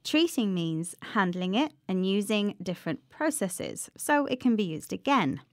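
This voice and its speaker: A woman's voice: medium pitch, big pitch swings, unhurried, no echo, studio quality. A woman co-hosting a scripted radio English lesson, chatty and explaining words plainly.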